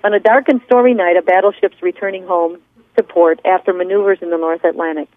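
A woman's voice: on the low side, steady tone, fast, no room sound. A woman leading a motivational class on a conference call, earnest and preachy as she tells stories. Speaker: class leader and coach. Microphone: phone. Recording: tinny phone line.

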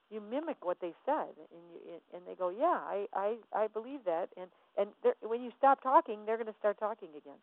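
A woman's voice: medium pitch, dry recording. Woman motivational speaker, emphatic, repeats herself for effect; tinny, phone-like, dry sound. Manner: emphatic, repeats phrases, acts out dialogue. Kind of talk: motivational talk.

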